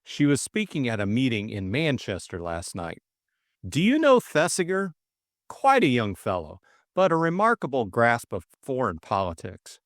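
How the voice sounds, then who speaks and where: A man's voice: mid-range voice, wildly swooping pitch, moderate pace, no echo, clean studio sound, pitched above the performer's own voice. A man voicing a stuffy, self-important middle-aged politician in an audiobook drama, speaking in a pompous, formal way. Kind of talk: audiobook character voice.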